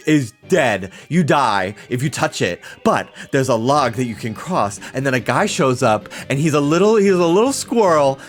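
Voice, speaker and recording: A young adult man chatting excitedly while streaming a video game, laughing often and swearing casually. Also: fairly high pitch. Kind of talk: casual let's-play commentary.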